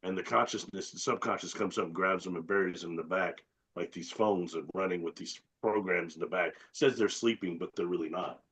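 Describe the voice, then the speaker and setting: A low-pitched man with a husky, breathy voice joins a casual chat as a guest. He explains his ideas slowly and deliberately and works through a list of terms. He is heard over a video call. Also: a bit bright.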